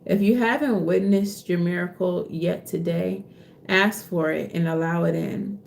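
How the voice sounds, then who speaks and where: Slow, gravelly woman reading tarot. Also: on the low side, a little mellow, slight background noise. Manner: casual, profane, laughs often, slips into playful voices. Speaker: tarot reader.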